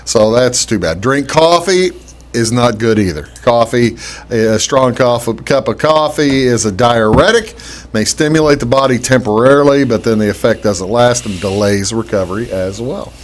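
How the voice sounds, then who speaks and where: A man hosting a casual talk show, chatting in a halting way with many fillers and restarts. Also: mid-range voice. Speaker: host. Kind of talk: casual radio-style talk show chat.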